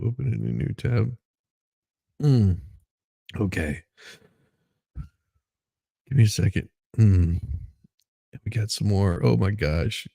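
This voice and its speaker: A man's voice: fairly low pitch, creaky, dark tone, breathy edge, dry recording. A man hosting a casual morning livestream, laughing often and greeting chat viewers by name. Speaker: livestream host.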